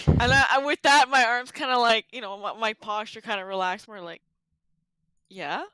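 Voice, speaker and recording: A woman's voice: on the high side, brisk, pushed and bright, smooth, no echo, low-quality recording. A woman playing a tabletop game, animatedly narrating her character's actions. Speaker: player.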